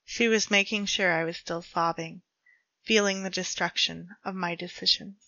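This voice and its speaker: Bright-voiced woman reading dark fiction. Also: on the low side, steady tone, moderate pace, lo-fi sound. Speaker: storyteller. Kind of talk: reading her own dark fiction aloud.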